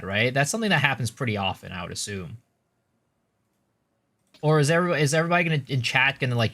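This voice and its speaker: A man's voice: mid-range voice, pushed and bright. Rambling American streamer guy. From United States. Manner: rambling, restarts, reads and answers chat. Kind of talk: casual stream chat.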